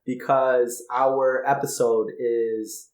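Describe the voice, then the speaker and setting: A man's voice: mid-range voice, level tone, slow. Easygoing man asking questions, echoey room. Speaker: podcast co-host. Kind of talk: casual chat.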